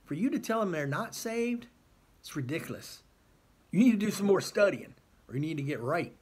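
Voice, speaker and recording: Exasperated husky man preaching to camera. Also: high voice, very animated, moderate pace. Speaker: christian youtuber. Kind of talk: impassioned faith monologue.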